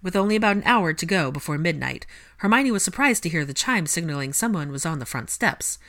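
A woman narrating a fan fiction chapter in a steady, measured storytelling manner. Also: lowish voice. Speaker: audiobook reader.

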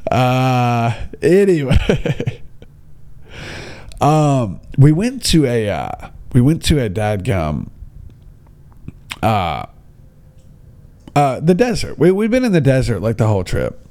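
A young man tells a funny story in a casual, rambling way. He stumbles over fillers and restarts, and his pitch swings widely. His voice has a mellow, warm tone. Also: big pitch swings, slow, long pauses.

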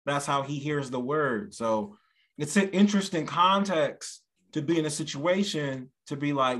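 Animated man, hosting a podcast chat. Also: unhurried. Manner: animated, slips into high put-on voices for quoted people. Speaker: podcast co-host; stand-up comedian. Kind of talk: casual chat.

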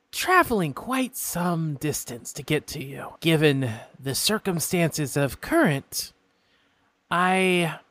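A man's voice: a little high, fairly bright tone, pitched above the performer's own voice. A man doing a polite lilting imp. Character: courteous secretive male imp from the Nine Hells.

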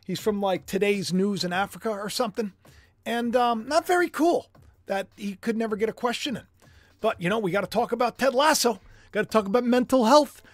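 Excitable man hosting a livestream. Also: high voice, a little fast, no room sound. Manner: excitable, animated; chatty, jokey asides. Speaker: host. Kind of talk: livestream commentary.

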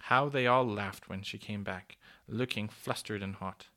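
A man reading a children's story aloud in a gentle, measured way. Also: fairly low pitch.

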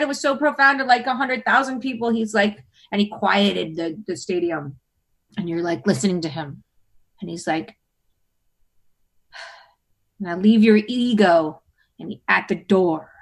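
A woman in her forties, a podcast guest, talking candidly and expressively and swearing freely. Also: a little high. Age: 40s. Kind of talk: casual chat.

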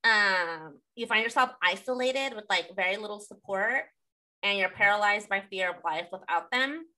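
A woman's voice: mid-range voice, normal speed, sharp tone, poor audio. A young woman co-hosting a podcast in casual chat, blunt and profane, full of fillers. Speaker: podcast co-host.

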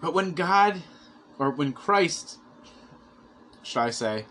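A man's voice: a little high, animated, slow pace, a bit bright, a little hiss or hum. A man preaching a conversational sermon, earnestly retelling a scripture story with quoted asides.

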